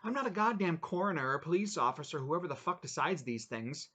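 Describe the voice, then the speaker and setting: A grieving man on the phone, flat and curt in his answers, read in a man's own voice. There is hardly any change from an everyday reading. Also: on the high side, a little fast, pitched above the performer's own voice. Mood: numb.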